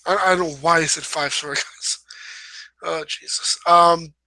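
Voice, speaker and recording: A man's voice: on the high side, fairly even intonation, moderate pace, bright, forceful tone, no echo, rough recording. A young man giving a casual writing lesson, rambling a bit and correcting himself as he goes. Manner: rambling, self-correcting, apologetic asides. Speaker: host. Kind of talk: casual instructional talk.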